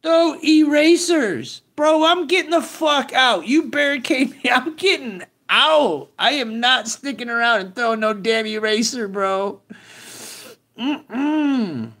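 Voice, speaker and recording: A man's voice: very high voice, unhurried, bright, forceful tone. A middle-aged man hosting a live news stream, ranting in profane slang and greeting chat viewers.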